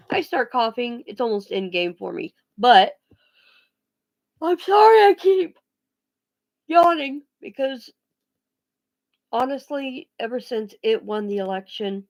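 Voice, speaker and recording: A woman ranting bluntly on a casual vlog, swearing freely and often restarting her sentences. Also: on the high side. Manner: blunt, profane, emphatic; halting restarts and pauses. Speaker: vlogger.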